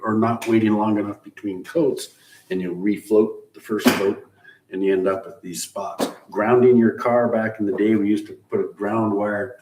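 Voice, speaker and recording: A middle-aged man with a fairly low voice chats easily about custom car work, rambling and chuckling. He sits back from the mic in an echoey garage, and a faint hiss runs underneath. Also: a little mellow, far from the mic. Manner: easygoing, rambling, shop-talk explanations with chuckles. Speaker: host of a live car-building stream. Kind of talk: casual live chat with viewers.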